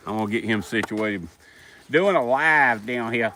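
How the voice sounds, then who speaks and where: A man's voice: medium pitch, unhurried, noisy background. A middle-aged man from South Carolina with a Southern accent, rambling in a folksy way as he chats to viewers on a live stream outdoors by a fire at night. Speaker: livestream host. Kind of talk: casual live stream chat. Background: dogs.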